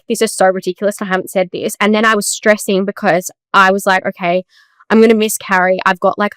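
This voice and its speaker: A woman co-hosting a casual podcast, talking in a relaxed, chatty way and acting out conversations as she tells a story. Her voice is smooth and clear at a middle pitch. The sound is dry and close to the mic. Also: no echo. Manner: chatty, storytelling with quoted dialogue. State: tearful at times. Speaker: podcast co-host. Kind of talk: casual chat.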